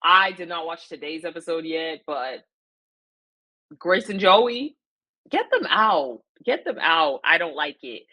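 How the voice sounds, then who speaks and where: A woman in a chatty vlog, speaking in a slightly low voice. She is opinionated and emphatic, hammering her points home with repetition, slang and plenty of fillers. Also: lively intonation, unhurried, sharp tone. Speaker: vlogger recapping a reality show. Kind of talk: casual chat.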